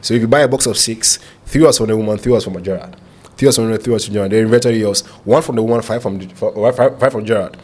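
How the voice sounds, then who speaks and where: Man telling animated stories. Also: fairly low pitch, rapid-fire, slightly rough. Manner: lively storyteller who acts out quotes and laughs often. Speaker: business founder guest. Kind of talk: storytelling in a podcast interview.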